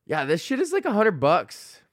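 A man's voice: high-pitched, huge pitch swings, normal speed, dry recording, studio quality. A young man hosting his own comedy podcast, ranting with constant swearing and frequent laughter. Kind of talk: profane solo rant.

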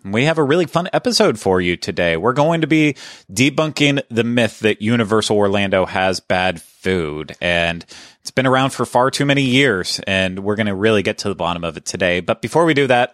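A man's voice: fairly low pitch, a bit bright, no echo, clean studio sound. A man hosting a casual podcast, chatting in a conversational way and often correcting himself mid-sentence. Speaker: podcast host.

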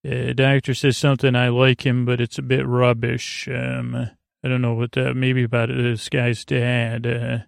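Male podcast host, rambling sleep-recap delivery, monotone with vocal fry. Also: medium pitch, no room sound, clean studio sound. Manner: rambling, halting, full of fillers and restarts. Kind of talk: drowsy episode recap for sleep.

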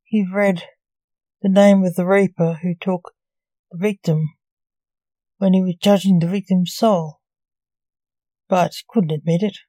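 A woman narrating a short story aloud in a plain, even reading manner. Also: fairly low pitch, unhurried, pauses often, no room sound, rough recording.

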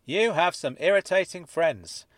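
A man's voice: fairly high pitch, expressive, measured pace, fairly bright tone, dry recording, pitched above the performer's own voice. A man playing a blunt landlord, teasing and chatty, joking about money owed. His voice sits a little above his own, close to the mic and dry.

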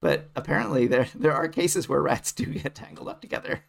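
A man co-hosting a scholarly podcast, explaining in a relaxed, wry way. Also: fairly high pitch, fairly quick, creaky. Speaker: podcast co-host, literary scholar. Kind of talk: casual scholarly chat.

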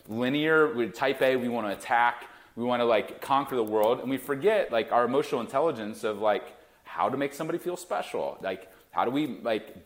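A man in his thirties talking emphatically as a guest in a podcast interview, founder of a gifting company. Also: medium pitch. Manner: emphatic, animated salesman.

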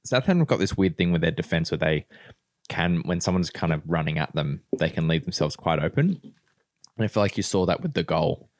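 A man's voice: sits low, animated, fairly quick, darkish tone, no room sound, clean studio sound. A man co-hosting a casual football podcast, laid-back and laughing often. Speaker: podcast co-host.

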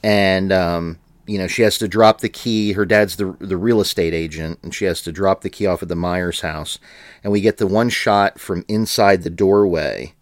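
A man's voice: sits low, steady tone, normal speed, no echo. A man co-hosting a podcast in casual chat, rambling with frequent fillers and laughs. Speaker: podcast co-host.

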